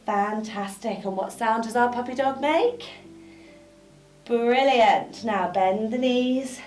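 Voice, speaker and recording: A young woman guiding a children's yoga class, bright and encouraging, with playful high sound effects. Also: takes it slowly. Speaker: kids yoga teacher. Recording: echoey room with background music.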